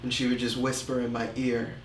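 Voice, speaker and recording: A man's voice: medium pitch, monotone, slight background noise, natural voice. Arthur, a man playing a remorseful drinker. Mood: reflective. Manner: slow, halting, reflective storytelling. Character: remorseful man confessing his drinking and insecurity. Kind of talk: confessional film monologue. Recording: roomy echo.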